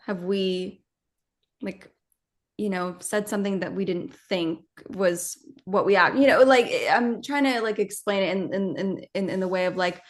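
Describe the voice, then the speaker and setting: A woman actress talking casually in an interview, animated and rambling, with many fillers and restarts. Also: mid-range voice.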